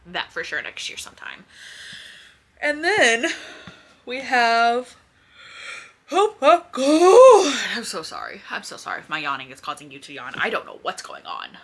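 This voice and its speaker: A woman chats casually in front of a camera at home, rambling and swearing lightly. Her voice sits low, yet it swings widely and sounds bright and forceful. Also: breathy edge. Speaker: book vlogger. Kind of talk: casual chat. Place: home room by bookshelves.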